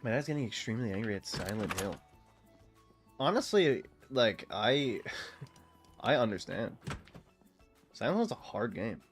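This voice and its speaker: A man's voice: mid-range voice, expressive, a little slow, pauses often, faint music behind. A young man casually commenting while he plays a video game, rambling and joking with frequent laughs. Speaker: gaming streamer.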